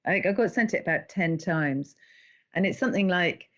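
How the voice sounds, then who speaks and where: Middle-aged woman, lively storyteller, low-pitched, muffled recording. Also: normal speed. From England. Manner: animated storyteller, laughs often. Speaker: podcast guest. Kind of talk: conversational interview.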